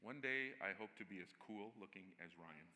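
Male pastor, casual, humorous storyteller, bright tone, echoing sanctuary. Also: low voice, lively intonation, normal speed, a little hiss or hum. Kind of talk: sermon. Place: church.

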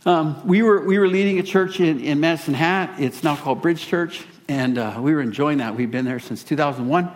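A male pastor telling a personal story in a sermon, animated and self-deprecating. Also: fairly high pitch, fairly quick, few pauses.

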